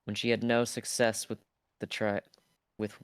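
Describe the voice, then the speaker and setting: A man with a very low voice reads a classic novel aloud for his livestream, stumbling over wording and restarting lines now and then. He is recorded close to the mic, so the sound is completely dry, with no room echo at all. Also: flat delivery, unhurried, clear, resonant tone. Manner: casual reading with stumbles and blunt asides. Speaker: streamer.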